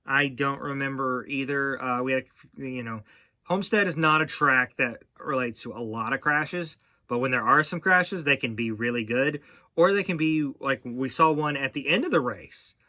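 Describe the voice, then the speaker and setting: A middle-aged man hosts a casual racing chat, rambling and restarting his sentences as he goes. His voice is bright and forward, and it sits close and dry with no room sound around it. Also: medium pitch, normal speed, no room sound. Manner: rambling, with frequent fillers and restarts. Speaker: podcast host.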